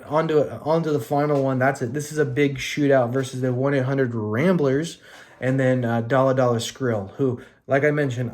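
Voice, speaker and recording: A young man with an easygoing, mid-pitched, darkish voice hosts a casual fantasy hockey podcast. He runs loosely through the week's scores, swearing freely, and now and then slips into mock rants at his league mates.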